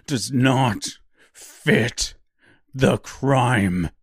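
A man voicing a grieving, desperate male woodcutter who speaks in an anguished, pleading way in a dark audiobook reading. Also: mid-range voice, drawn-out words, creaky, dry recording, clean studio sound, heavily acted.

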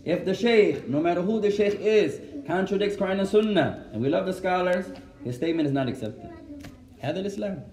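Animated man teaching in an echoey room. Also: sits high, quick pace. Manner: animated, switches between Arabic and English, asks the class questions. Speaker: Islamic teacher. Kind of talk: classroom religious lesson.

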